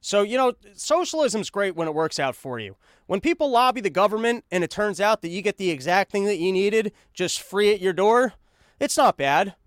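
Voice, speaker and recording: Sarcastic high-voiced man. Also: normal speed, no room sound, clean studio sound. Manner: sarcastic, rambling, animated. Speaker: podcast host. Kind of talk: casual comedic monologue.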